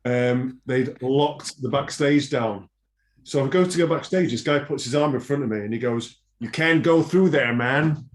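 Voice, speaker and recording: A man, guest drummer, telling relaxed backstage anecdotes. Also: mid-range voice, normal speed, a little hiss or hum. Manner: laid-back anecdotal storyteller. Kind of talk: casual chat.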